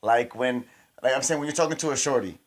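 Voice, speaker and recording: A man with a mid-range voice chatting as a podcast co-host. He tells stories in an animated, slangy way and restarts and repeats his phrases. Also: mid-range voice, fast. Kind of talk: casual chat.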